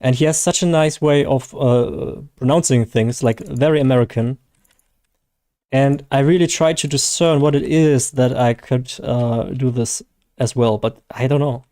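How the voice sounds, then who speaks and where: Mellow-voiced man with a German accent. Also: mid-range voice, steady tone, unhurried. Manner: rambling, chatty, answers viewer chat. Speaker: gaming streamer. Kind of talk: casual live-stream chat.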